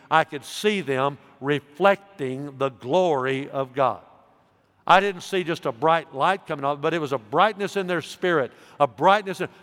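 A man preaching a sermon as pastor, emphatic, swinging between loud stresses and soft asides. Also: a little high. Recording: long reverb of a large hall.

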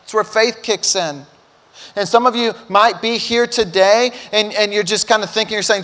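In a church auditorium with long hall reverb, a middle-aged pastor preaches at a moderate pace in a high voice. His sermon is full of animated storytelling, with quotes he acts out.

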